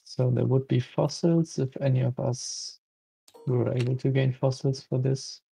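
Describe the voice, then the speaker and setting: Gravelly, husky man explaining the rules. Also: medium pitch, flat delivery, measured pace, warm tone, low-quality recording. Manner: thinks aloud, explains rules. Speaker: board game player. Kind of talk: casual board game chat.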